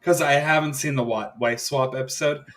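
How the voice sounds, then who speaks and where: Male podcast co-host, bright timbre, relaxed wry chat, heard from a little distance. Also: mid-range voice, fairly quick. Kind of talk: casual chat.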